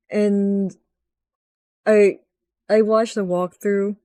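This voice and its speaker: A young woman recapping a video game in a rambling, excitable rant, swearing often and jumping up in pitch when frustrated. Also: slow pace, pauses often, dry recording. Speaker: gaming vlogger.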